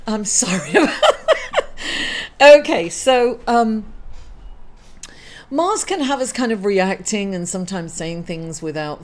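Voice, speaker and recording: A woman's voice: mid-range voice, darkish tone. A woman hosting her weekly astrology reading, emotional and grieving, hesitant, with many fillers and apologies. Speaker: astrology reader and channel host.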